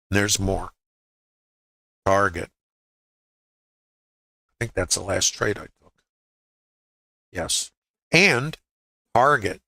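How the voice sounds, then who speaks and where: In a dry recording, a trading educator with a lowish, fry-laden voice that comes across pushed and bright walks viewers through charts during a live webinar. He keeps it conversational and asks rhetorical questions along the way.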